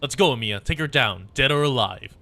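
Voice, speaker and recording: Man reads fierce swordswoman, game story; clipped orders, forceful tone. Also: medium pitch, expressive, a little fast. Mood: stern.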